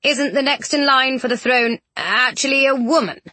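A woman's voice: high-pitched, normal speed, pushed and bright, no room sound, pitched above the performer's own voice. A woman reading an audiobook, voicing a fretful male ghost stuck in an old king's body, whiny and stubborn. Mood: doubtful.

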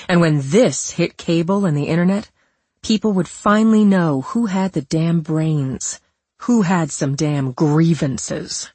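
A woman narrating an audiobook in a measured, expressive reading voice. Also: lowish voice, breathy edge, no echo. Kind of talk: scripted narration.

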